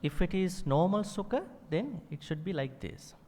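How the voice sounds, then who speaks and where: A man's voice: high voice, lively intonation, moderate pace, darkish tone. Male monk teaching in a reverberant hall. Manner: explains patiently, fillers, demonstrates chanting. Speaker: Buddhist monk teaching Pali. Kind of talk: classroom teaching.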